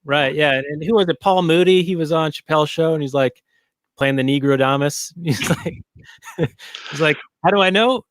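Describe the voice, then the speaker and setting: A man's voice: fairly high pitch, fairly even intonation, moderate pace, no room sound. A man co-hosting a casual movie review podcast, rambling with lots of fillers and restarts. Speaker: podcast co-host.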